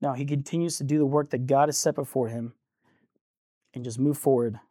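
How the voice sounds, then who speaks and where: A man's voice: medium pitch, fairly even intonation, fairly quick, warm tone, dry recording, clean studio sound. A man preaching a sermon in a conversational, earnest way, acting out the voices of people in the text as he goes.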